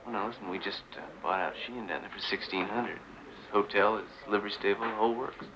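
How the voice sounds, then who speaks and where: A man's voice: fairly low pitch, fairly even intonation, quick pace, lightly acted. Nervous mining company negotiator, played by a man: polite and hesitant, dull old film track with heavy hiss. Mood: pressing. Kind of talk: 1970s film western acting. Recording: muffled old film soundtrack with loud hiss.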